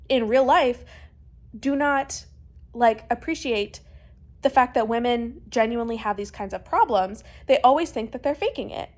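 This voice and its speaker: Young woman, slightly high voice, casual book vlog, animated, exasperated, filler-heavy chatter. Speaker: book vlogger.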